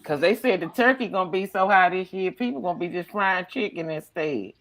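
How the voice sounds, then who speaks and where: A woman's voice: lowish voice, fairly quick, very noisy. A woman hosting a comedy podcast, chatting casually and acting out the people in her stories. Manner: animated storyteller acting out quotes. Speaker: podcast host.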